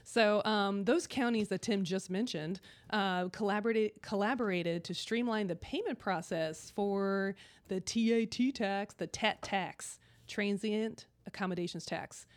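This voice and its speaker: A woman's voice: medium pitch, unhurried, no room sound. Woman, podcast co-host, teasing, casual, dry close recording. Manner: teasing, lively. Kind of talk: casual chat.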